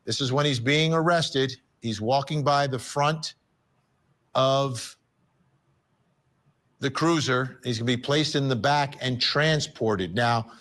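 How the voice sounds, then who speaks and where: A man's voice: mid-range voice, takes it slowly, long pauses, fairly bright tone. Plain-spoken male news host. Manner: plain, explanatory. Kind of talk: news-style presenting.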